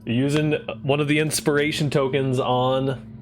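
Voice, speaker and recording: A man acting as game master, narrating a tabletop game with many pauses and fillers. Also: mid-range voice, little pitch movement.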